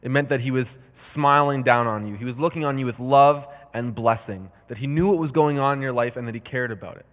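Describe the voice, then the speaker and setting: A man gives a relaxed Bible teaching, chatting with plenty of fillers and restarts and reading scripture aloud with mounting intensity. His voice sits at an ordinary pitch for a man. The sound is thin and phone-like, with a long reverb trailing behind him. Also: fast, hardly any pauses. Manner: conversational, with many fillers and restarts.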